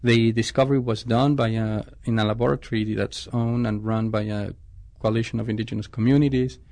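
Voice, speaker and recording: A man's voice: lowish voice, fairly even intonation, brisk, a little mellow, no room sound. A man, a scientist, answering interview questions thoughtfully, often restarting his sentences. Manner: thoughtful, with frequent restarts and self-corrections.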